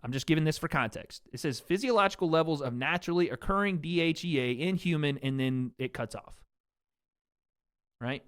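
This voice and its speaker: A man with a fairly high-pitched voice hosts a casual commentary podcast. He reads documents aloud and breaks into animated, laughing asides. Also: fairly quick, clean tone. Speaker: podcast host.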